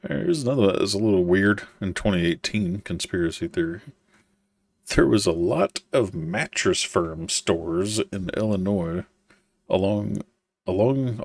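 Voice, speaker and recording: Low-voiced, laid-back man swearing casually. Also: darkish tone, no echo. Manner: laid-back, swears often, laughs a lot. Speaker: co-host. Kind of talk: casual chat.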